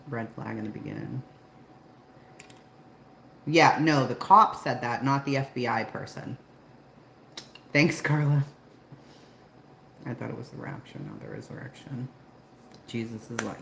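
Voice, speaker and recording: A woman hosting a casual livestream from home, chatting with viewers and laughing often, then coaxing her dogs inside in a high voice. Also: big pitch swings, a little slow, gravelly, pauses often, fairly bright tone. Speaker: livestream host. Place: at home, indoors. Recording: very echoey room with background noise.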